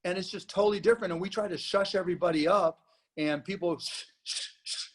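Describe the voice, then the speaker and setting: A man speaking as a guest on a panel discussion, talking in an animated way and acting out rowdy moviegoers. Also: high-pitched, quick pace, slightly rough. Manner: animated, acts out shouting moviegoers.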